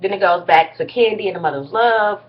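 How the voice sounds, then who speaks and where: A woman's voice: medium pitch, a little fast, lo-fi sound. A woman vlogger giving a casual, blunt and slangy recap of a reality TV episode, with some mild cursing.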